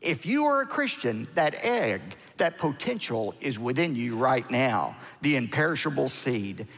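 Lively preaching man in a reverberant hall. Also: medium pitch. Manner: lively preaching with dramatic pauses and emphasis. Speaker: pastor. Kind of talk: sermon.

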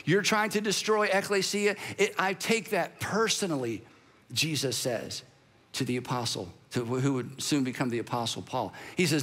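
A pastor preaching a sermon with playful storytelling asides and strong emphasis. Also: male voice, a little high, moderate pace, a bit bright. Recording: long hall reverb.

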